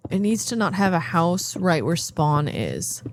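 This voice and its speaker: Tired woman streamer, lowish voice, rambling game commentary over faint background noise. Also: sing-song, unhurried. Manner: thinking out loud, rambling, playful. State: yawning, tired. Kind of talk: casual gameplay commentary.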